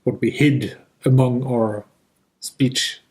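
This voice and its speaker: A man's voice: medium pitch, steady tone, slow, a little mellow. A man, co-hosting a board game podcast in a rambling, goofy, jokey way. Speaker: podcast co-host. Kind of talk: casual chat.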